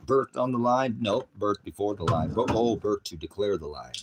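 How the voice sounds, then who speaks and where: A man preaching in a rambling, combative rant, swearing heavily, lurching from shouted bursts to low mutters. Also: fairly quick, few pauses, husky. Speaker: independent ministry preacher. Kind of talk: profane religious rant.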